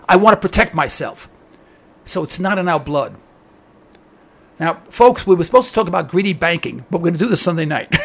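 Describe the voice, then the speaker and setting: A man's voice: very high voice, fairly bright tone. A man hosting a political talk radio show, speaking with impassioned emphasis and often restarting his phrases as he presses a point.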